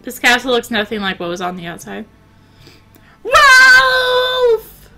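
A woman's voice: quick pace, vocal fry, bright, forceful tone, faint music behind. A woman streaming a live game playthrough, reading the game text aloud with sarcastic comments. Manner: sarcastic, reads game text aloud, breaks into high squeals.

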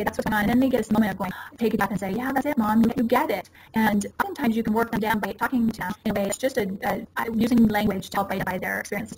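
A woman in her forties speaks as a guest in an interview, rattling through her advice at a very fast clip. She keeps it casual and earnest and acts out short quotes along the way. A steady background noise runs under her voice. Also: mid-range voice. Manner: rapid, earnest, explaining with acted-out quotes. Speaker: parenting consultant, guest.

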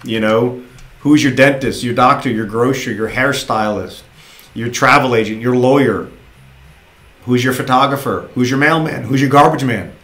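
A man's voice: mid-range voice, moderate pace, a bit bright. Man coaching recruits in a roomy space. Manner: casual, encouraging, repeats himself. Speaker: sales recruiter trainer. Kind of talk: motivational training talk.

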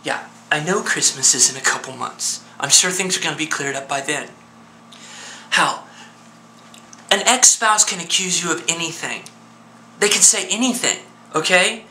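A man's voice: fairly high pitch, normal speed, pauses often, sharp tone, a little hiss or hum. A man acting as a worried friend in a one-sided phone call, talking earnestly and insistently to coax a despairing man to hold on. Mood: pleading.

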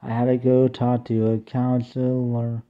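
A young man half sings, half speaks a homemade song, slow and plaintive, his melody mostly flat apart from long drawn-out cries. The sound is thin and tinny, like it was caught on a phone. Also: medium pitch.

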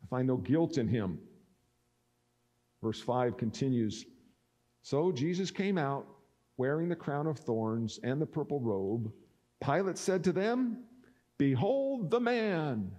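A man's voice: mid-range voice, expressive, unhurried, pauses often, warm tone. A male pastor preaching a sermon, reading scripture and acting out the speakers' lines. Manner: expository preaching that acts out speakers' words.

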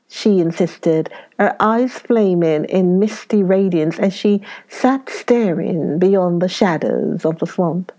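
A woman reading a story aloud as a measured audiobook narrator. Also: on the low side, dark tone.

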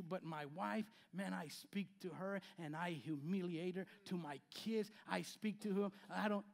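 A pastor in his fifties preaches with a high voice for a man. He swings between loud, emphatic lines and quiet asides, and he repeats key phrases as he goes. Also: animated, moderate pace, vocal fry. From Spanish-speaking background. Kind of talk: sermon. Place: church sanctuary.

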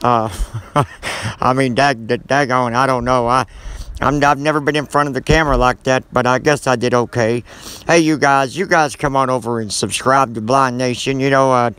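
A man voicing a blunt, cantankerous old man who talks gruffly and folksily, with mild cussing. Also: medium pitch, steady tone, moderate pace, a bit bright, pitched below the performer's own voice, natural voice. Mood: folksy.

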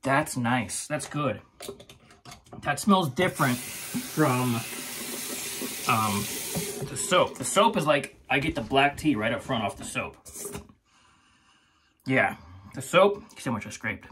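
A man's voice: mid-range voice, expressive, slow, long pauses, fairly bright tone, a little hiss or hum. A man hosting his own shaving channel, chatting casually and rambling through a product review, laughing often.

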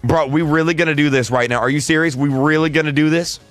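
A man's voice: a little high, steady tone, fast, a bit bright, no echo, soft background music. A young man streaming a game, launching into a mock rant and roasting someone in chat. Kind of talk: gaming livestream chat.

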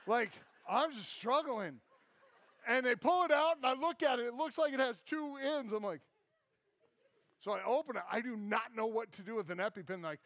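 A man's voice: very high-pitched, fairly bright tone, no echo. A man preaching a sermon as a pastor, telling a self-deprecating story and acting out the people in it. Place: church.

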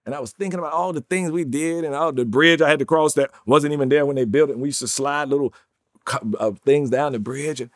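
A man tells his life story at a rapid clip, his voice a bit higher than most. He throws himself into each quoted line, jumping up in pitch and volume. The sound is close and dry, with no room around it. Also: no echo. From North Carolina, USA. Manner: acts out quotes with big jumps in pitch and volume. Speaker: actor, interview guest. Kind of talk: animated storytelling. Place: studio.

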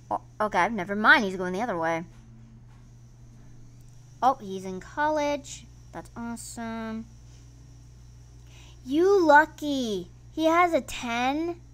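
A woman runs her own gaming channel, offering laid-back let's-play commentary that's excitable and full of playful grumbling. Her voice sits fairly high.

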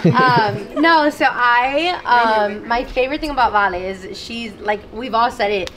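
A woman's voice: a little high, normal speed, fairly bright tone. A young woman on her church's staff gives a heartfelt, rambling toast to a friend. She is openly emotional and fills her talk with "like" and "you know". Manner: earnest, emotional, rambling with many fillers.

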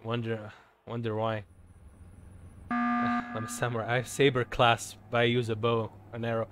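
Young man, streamer, casual rambling chat, self-deprecating, middle-pitched voice, hissy home mic. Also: completely flat delivery, measured pace.

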